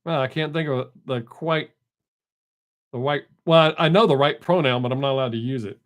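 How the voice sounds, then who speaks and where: A man's voice: medium pitch, moderate pace. An older man hosting a live stream, in casual folksy chat, joking and greeting viewers from the chat by name.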